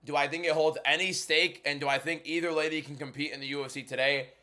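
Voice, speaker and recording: A man hosting a casual fight watchalong livestream, blunt and bantering as he answers chat, moving between a subdued inside voice and loud hyped delivery. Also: a little high, fairly even intonation, fast. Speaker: MMA content creator and livestream host.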